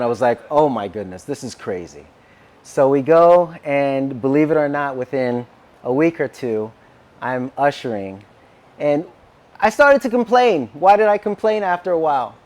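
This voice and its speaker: Telling his sermon as a story from his own life, the minister speaks in a fairly high voice that rises and falls dramatically. He performs each bit of dialogue with lively energy.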